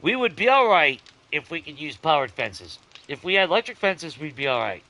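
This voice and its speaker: A young adult man hosting a let's-play, chatting casually to his viewers, swearing freely and swinging between grumbling and giddy excitement. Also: fairly high pitch, a little fast. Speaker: gaming channel host.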